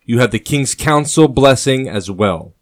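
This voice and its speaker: Man as a furious royal in grief, booming commands, dry close recording. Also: normal speed, darkish tone, dry recording, close to an everyday voice. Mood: commanding. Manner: booming, rising into anger. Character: grieving, furious male king, commanding.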